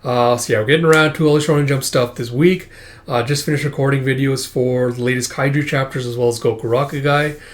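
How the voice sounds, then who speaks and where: A young man hosts a casual manga read-through, speaking fast in a steady, mid-range voice. He's chatty and full of fillers, laughs as he reads, and raises his voice for the characters' lines.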